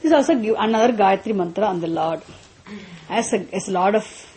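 An expressive woman leads a mantra class in a mellow, dark, mid-pitched voice. She patiently walks through each step, repeats and restarts a lot, and slows down to chant.

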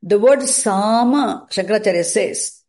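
A woman teaching Sanskrit pronunciation and chanting, speaking deliberately and repeating sounds to demonstrate them. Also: medium pitch, a little mellow. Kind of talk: slow explanatory lesson.

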